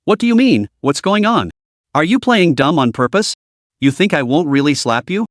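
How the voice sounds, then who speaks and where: A man voicing a hot-tempered young man who bluntly scolds his friend, his delivery lively and bright. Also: fairly high pitch, moderate pace, no room sound, clean studio sound. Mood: angry. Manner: angry, blunt and demanding.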